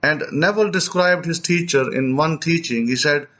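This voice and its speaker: Man preacher, slightly high voice, animated storyteller who restarts phrases; dull lo-fi recording. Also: moderate pace. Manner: animated retelling, repeats and restarts words. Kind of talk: storytelling teaching.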